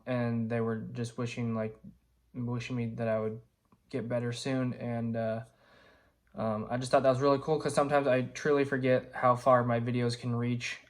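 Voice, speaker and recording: A man with a hoarse, sick-sounding voice, casually updating his viewers in a rambling way with lots of fillers. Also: mid-range voice. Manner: relaxed, rambling with many fillers. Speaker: vlogger, electrician.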